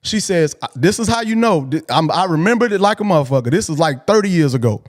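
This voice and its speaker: A man casually telling a long personal story as a show host, animated and swearing, often restarting his sentences. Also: fairly high pitch, fast. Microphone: call-in video chat.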